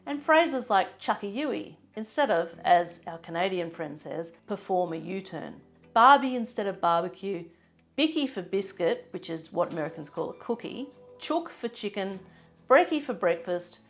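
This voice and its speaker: A woman with a general Australian accent, reading a scripted travel-advice narration in a chatty, lightly humorous, explanatory way. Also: mid-range voice. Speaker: travel vlogger.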